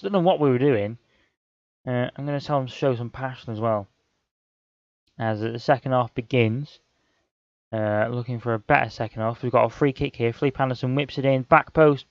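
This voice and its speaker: A man's voice: mid-range voice, no room sound, dull audio. A young man commentating on a football management game, often frustrated and exclaiming at the action. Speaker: gaming channel host.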